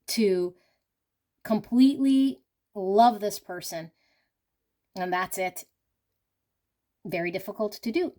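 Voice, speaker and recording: A woman's voice: mid-range voice, a little mellow. A woman with an everyday mid-range voice gives an intuitive tarot reading. She speaks earnestly and repetitively, coaching her listener on love and energy and checking in often with "you know" and "okay?". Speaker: tarot reader.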